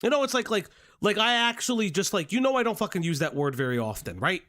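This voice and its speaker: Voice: medium pitch, expressive, quick pace, fairly bright tone. A streamer giving live reaction commentary, ranting with heavy profanity and exasperation.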